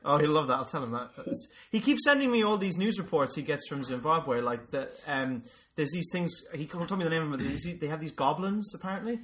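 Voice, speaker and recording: Bright-voiced sardonic man. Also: fairly high pitch, expressive, brisk, hardly any pauses, slight background noise. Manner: sardonic, swearing, dry jokes. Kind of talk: casual comedic chat.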